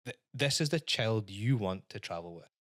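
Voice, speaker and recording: A man's voice: lowish voice, animated, moderate pace, a bit bright, no room sound, studio quality. Chatty Scottish man telling a story. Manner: storytelling, swears, acts out kids' voices. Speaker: podcast co-host. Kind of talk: casual chat.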